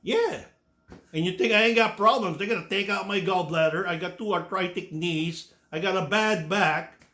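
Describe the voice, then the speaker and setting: A man's voice: sits high, normal speed, pushed and bright. A man in his sixties ranting bluntly to his YouTube viewers, swearing freely, repeating and restarting his words. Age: 60s. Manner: blunt, profane, repetitive restarts. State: coughing. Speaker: YouTube commentator. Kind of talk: ranting opinion monologue.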